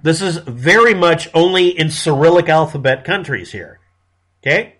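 A man's voice: fairly high pitch, expressive, moderate pace, fairly bright tone, breathy edge. A man from the United States giving a casual monologue commentary in a blunt, sarcastic manner, with frequent profanity.

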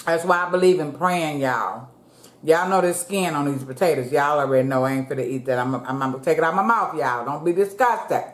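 A woman hosting a casual eating show from her home, chatting to viewers in a relaxed way and calling them "y'all". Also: low voice, a little fast. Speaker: mukbang vlogger. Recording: roomy echo.

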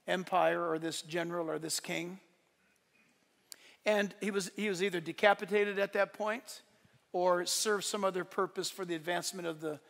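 High bright-voiced preacher in a reverberant hall. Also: male voice. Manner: emphatic storytelling, swinging from loud to hushed. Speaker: pastor. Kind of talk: sermon. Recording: long reverb in a large hall.

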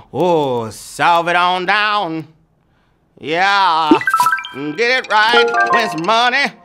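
Hyped, high, sing-song game show man. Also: lively intonation, drawn-out words, pushed and bright. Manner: playful, hyped, sing-song with teasing rhymes; calls players "babies". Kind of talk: live trivia game show hosting. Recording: music bed playing under the voice.

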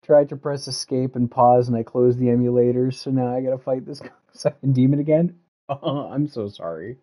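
A man's voice: medium pitch, normal speed, highs cut off. A man chatting casually with viewers while he plays a game on a live stream, loose and joking, swearing freely.

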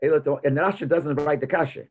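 This man teaches Torah as a rabbi, reasoning out loud and weaving Hebrew and Yiddish words into his English. He talks quickly in a higher register, and the sound is thin, like a phone line.

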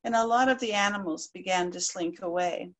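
A woman storyteller narrating a folk tale aloud in a lively, expressive way. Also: medium pitch, brisk. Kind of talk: live oral storytelling.

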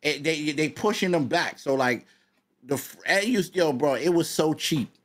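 A man's voice: fairly high pitch, normal speed. Rambling New man on a podcast. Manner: rambling, animated, repeats himself. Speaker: podcast co-host. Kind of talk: casual chat.

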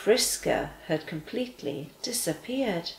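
A woman reading a children's story aloud with gentle, expressive delivery. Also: medium pitch, measured pace, echoey room, low-quality recording.

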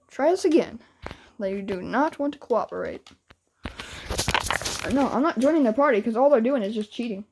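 A woman with a high voice argues hard in a game voice chat. She taunts and challenges, sounding exasperated and combative as she pushes back again and again. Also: a little mellow, a little hiss or hum. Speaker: gaming YouTuber.

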